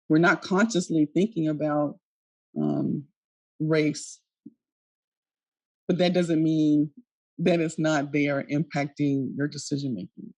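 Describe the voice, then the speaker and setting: Woman lecturer, earnest and halting, lots of ums and restarts, dead dry sound. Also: low-pitched, darkish tone, no room sound. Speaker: neuroscience lecturer. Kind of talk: recorded conference talk.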